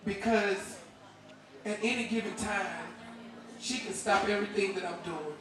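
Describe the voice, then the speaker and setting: A singer and bandleader in her thirties speaks from a bar stage to a live audience between songs, her medium-pitched voice heartfelt, halting, and choked with emotion. The live club recording is echoey and distant, with a loud band and crowd.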